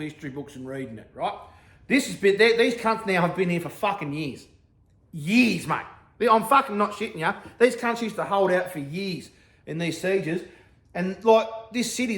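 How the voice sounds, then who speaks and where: Aussie man, crude comic storyteller, high voice, constant swearing, echoey room. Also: a bit bright. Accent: Australian. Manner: sweary slang, keeps checking in with "right?".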